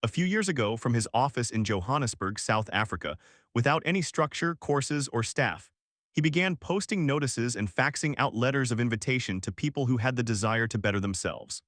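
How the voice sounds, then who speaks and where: A man's voice: medium pitch, expressive, brisk, a bit bright, no room sound, studio quality. A man voicing a confident male businessman telling a story in an audiobook. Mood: earnest.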